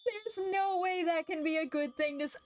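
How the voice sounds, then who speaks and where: A woman streamer reading game dialogue aloud and reacting with loud, swearing outbursts and laughter. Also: very high voice, moderate pace, soft background music.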